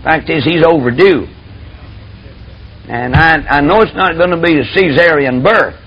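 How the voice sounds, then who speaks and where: A man's voice: a little high, moderate pace, fairly bright tone, breathy edge. A man preaching a sermon in a folksy, emphatic, drawling storytelling manner. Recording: dull lo-fi tape with faint hiss.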